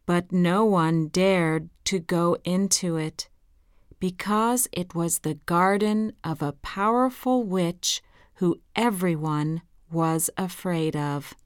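Slow, clear woman reading a fairy tale. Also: fairly low pitch, dry recording, clean studio sound. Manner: slow, careful, gentle reading. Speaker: storyteller. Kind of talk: children's story reading.

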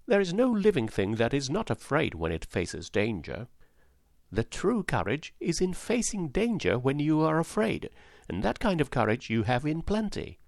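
A man's voice: a little high, wildly swooping pitch, normal speed, vocal fry, a little mellow, no echo, studio quality, pitched above the performer's own voice, heavily acted. Oz, a man doing a rueful humbug wizard. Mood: reassuring. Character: humble old humbug wizard, gentle and apologetic.

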